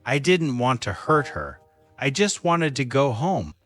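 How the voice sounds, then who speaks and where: A man voicing a remorseful husband in a slow learner's storybook. His delivery is pleading and lively in pitch, taken at an unhurried pace, with faint music underneath. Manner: pleading, desperate. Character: remorseful young husband after drunk crash.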